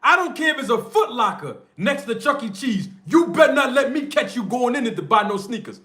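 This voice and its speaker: His pitch is extremely high, his delivery very animated and fairly quick, and his tone bright and forceful. He's a male streamer and show host with a North Philadelphia accent, ranting confrontationally in street slang on a heated livestream.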